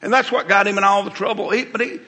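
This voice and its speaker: Man preaching, middle-aged, slightly high voice, long hall reverb. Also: fairly even intonation, quick pace, bright, forceful tone. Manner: conversational, folksy, repeats words while preaching. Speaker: pastor. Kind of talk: sermon.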